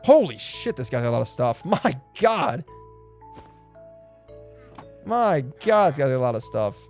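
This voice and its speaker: Give me a chatty, excitable man in casual gameplay commentary, with a mid-range voice over faint game music. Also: medium pitch, unhurried, creaky. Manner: chatty, excitable, swears and laughs often; coos affectionately at in-game animals. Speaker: game streamer.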